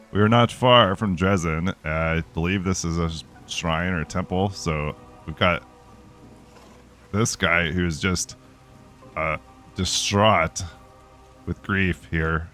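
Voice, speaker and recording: A man's voice: sits low, slow, long pauses, a bit bright, soft background music. A man hosting a video game playthrough, chatting casually with fillers and reading the game's text aloud. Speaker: let's play host.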